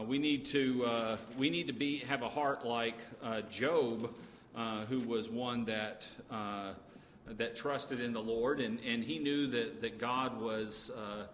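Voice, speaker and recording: A man preaching a sermon, talking in a halting way with frequent pauses and restarts. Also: mid-range voice, a bit bright. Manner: halting, many uh fillers and restarts. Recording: echoey hall with faint noise.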